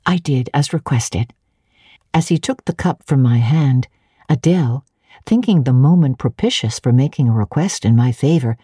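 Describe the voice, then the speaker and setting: A woman narrating a classic novel in the first person as an audiobook, with an expressive reading manner. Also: a bass voice, moderate pace, no echo, studio quality. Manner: expressive, clearly paced reading.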